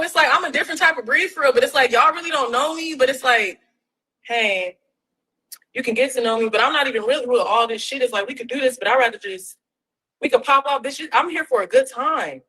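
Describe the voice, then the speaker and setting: A woman's voice: fairly high pitch, fairly bright tone, husky, low-quality recording. A defiant young woman ranting profanely on a phone livestream, repeating herself often. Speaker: reality TV personality on a livestream.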